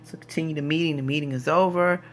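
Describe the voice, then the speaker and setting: In a casual, exasperated rant, a woman vlogger tells a story and acts out what people said to her, using quoted voices. Her voice is low with fairly even intonation, she talks fast, and soft music plays in the background.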